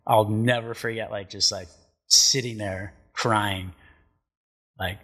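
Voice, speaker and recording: Laid-back husky-voiced man telling stories. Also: lowish voice, steady tone, slow, pushed and bright. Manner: laid-back, swears a lot, acts out quotes. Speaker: podcast guest, pro surfer. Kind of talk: casual storytelling. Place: studio.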